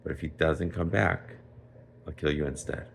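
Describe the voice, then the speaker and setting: A man's voice: a bass voice, steady tone, moderate pace, creaky, fairly bright tone, slight background noise, heavily acted. A man voicing a stern, cruel king who threatens and then scoffs in disbelief.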